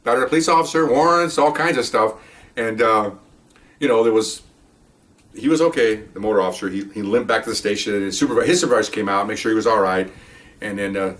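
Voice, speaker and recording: A man's voice: on the low side, quick pace, fairly bright tone, distant mic. An older man, a retired police officer, telling a patrol story in a casual, rambling way full of asides and "okay?" check-ins.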